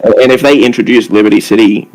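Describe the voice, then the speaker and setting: A man on an online group call, rambling and thinking out loud as a guest panelist. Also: lowish voice, fairly even intonation, fast, faint music behind, rough recording. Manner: rambling, leans on "like" while thinking aloud. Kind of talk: casual online group chat. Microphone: online call microphone.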